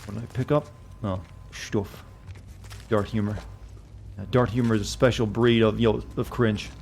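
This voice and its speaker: A man's voice: on the low side, fairly even intonation, normal speed, vocal fry, darkish tone, slight background noise. A man streaming a video game, chatting casually and rambling with self-deprecating jokes. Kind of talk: casual gameplay commentary.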